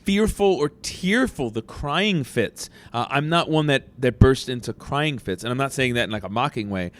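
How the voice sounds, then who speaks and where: Animated male podcast host, mid-pitched. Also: normal speed. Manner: animated, acts out quoted thoughts in voices. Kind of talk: casual podcast chat.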